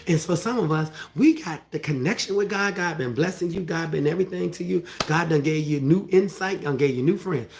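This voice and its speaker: Fervent man preaching with a raised voice. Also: on the high side. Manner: emphatic, often asks "right?" of the listeners; colloquial and repetitive, with rising, fervent passages. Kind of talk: sermon.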